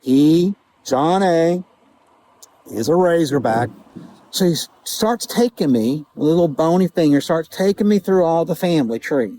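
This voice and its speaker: A man vlogging outdoors, telling a vivid personal story in a casual, halting way, with quoted dialogue. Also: fairly high pitch, sing-song, warm tone, poor audio. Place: outdoors outside a small-town grocery store.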